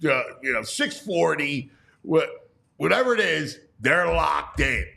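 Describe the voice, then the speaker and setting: A man's voice: on the high side, expressive, unhurried, gravelly, bright, forceful tone. A man hosting a sports talk show, chatting casually and animatedly, often restarting his sentences and leaning on "you know". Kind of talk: casual sports radio chat.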